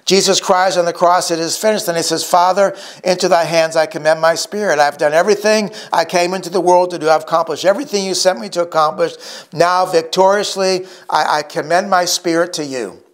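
A middle-aged male pastor preaching a sermon, emphatic and slowing down to stress key words. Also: high-pitched, steady tone.

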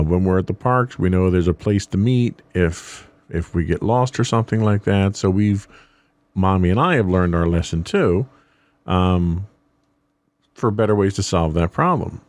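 Middle-aged man, low voice, dry close sound, reflective podcast host. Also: darkish tone, dry recording. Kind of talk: casual podcast talk.

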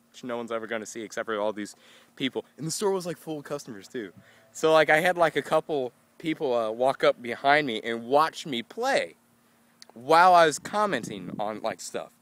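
A tired young man rambling goofily to a handheld camera outdoors in a casual vlog, breaking into excited yelps. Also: mid-range voice, normal speed, no echo. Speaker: vlogger.

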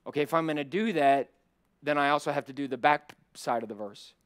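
Impassioned preaching pastor, fairly high voice. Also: male voice, a little fast, smooth. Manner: preaching with big swings from loud emphatic climbs to low quiet asides. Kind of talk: sermon. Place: church sanctuary.

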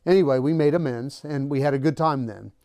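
Warm-toned and brisk, this mid-range male voice belongs to a channel host casually sharing something that happened to him and acting out other people's lines. The studio-quality recording has no echo.

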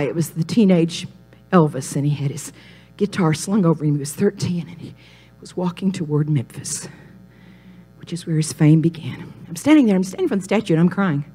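A woman from Mississippi, a pastor's wife telling her testimony on a talk show, animated and dropping to hushed whispers for emphasis. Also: medium pitch, breathy edge. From Mississippi, USA.

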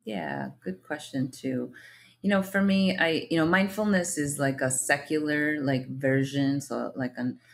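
A woman psychiatrist being interviewed on a podcast, speaking thoughtfully with many fillers and soft agreeing murmurs. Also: sits low, a little slow, vocal fry. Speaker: guest psychiatrist. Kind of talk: casual conversational interview.

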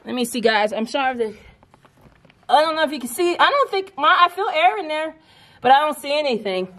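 A woman vlogging outdoors at an old stone landmark, chatting excitedly to her viewers on a handheld phone camera. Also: high voice, a little fast. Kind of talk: casual vlog narration. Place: outdoors at a historic stone furnace.

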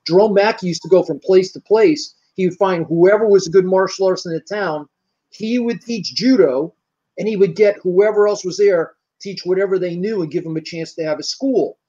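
An older American man, a martial arts grandmaster, spins long, rambling anecdotes as an interview guest, slipping into the voices of the people he quotes. His voice is high for a man, with a dark tone and normal pace. The recording is muffled and lo-fi.

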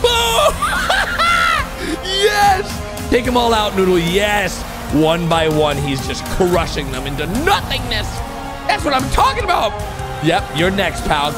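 A young man hosting a reaction video, excitable and loud, often laughing and shouting as he comments. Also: a little high. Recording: music playing underneath.

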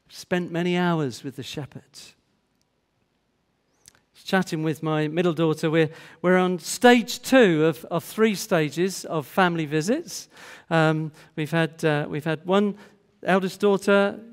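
A man's voice: high-pitched, smooth, in a large hall. An older man and grandfather preaching a sermon in a conversational way, often asking the congregation questions. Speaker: pastor. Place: church hall.

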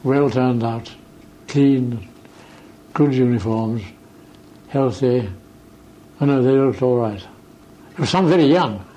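A man's voice: mid-range voice, takes it slowly, pauses often, dark tone, poor audio. An older veteran man recounting his memories in an archive oral-history interview, understated and amused. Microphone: archival interview recording.

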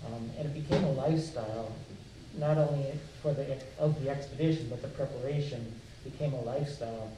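A man in his sixties recalling a youth expedition on a live panel, halting with restarts and fillers. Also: medium pitch, steady tone, background noise. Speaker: former expedition member. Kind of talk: panel reminiscence. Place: museum event hall. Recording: echoey room, mic at a distance.

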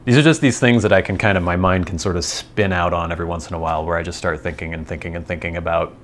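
A low-voiced man from the US, his tone fairly bright over a faint hiss or hum, hosts a vlog. He rambles casually while thinking things through and often makes fun of himself.

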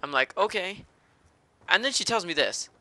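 A man's voice: on the high side, very animated, quick pace, sharp tone, no echo. A man doing live gameplay commentary, ranting and cursing in a fired-up rage. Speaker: gaming commentator.

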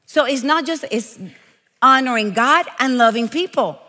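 High, bright-voiced woman preacher. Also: normal speed, long reverb tail. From Puerto Rico. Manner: animated, playful, emphatic preaching with quoted asides. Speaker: guest preacher. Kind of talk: lively storytelling sermon.

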